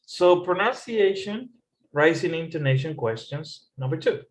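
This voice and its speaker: A man's voice: a little high, lively intonation, measured pace, rough recording. Patient male tutor on a video call. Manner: patient, explanatory, repeats key points. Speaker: English tutor. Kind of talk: online tutoring session.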